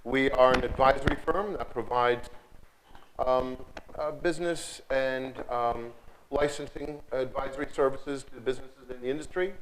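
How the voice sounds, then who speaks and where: A man's voice: mid-range voice, fairly even intonation, normal speed, a bit bright, slight background noise, rough recording. Man, firm president, polite and formal, faint background clicks. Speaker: advisory firm president, panelist. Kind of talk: panel self-introduction.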